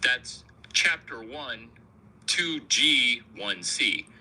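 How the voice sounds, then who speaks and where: A man's voice: mid-range voice, expressive, extremely slow, sharp tone, low-quality recording. A man hosting a rambling comic monologue, provocative, crude and self-mocking. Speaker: comedian host.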